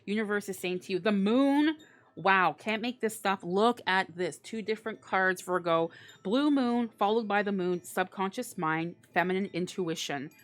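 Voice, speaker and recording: A woman's voice: mid-range voice, normal speed, fairly bright tone. A woman giving a casual tarot reading, chatty and bubbly, with lots of fillers and frequent laughter. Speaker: tarot reader.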